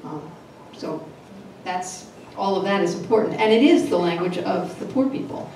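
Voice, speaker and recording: A woman translator answering panel questions in a halting way, with many fillers and restarts. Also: lowish voice, animated, warm tone. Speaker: literary translator. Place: literary event hall. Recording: echoey room, distant mic, noisy.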